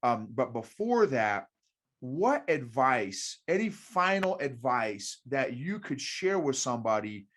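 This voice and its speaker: Man asking rambling interview questions. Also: medium pitch. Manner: friendly, rambling questions with many fillers. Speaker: podcast host. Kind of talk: casual interview chat.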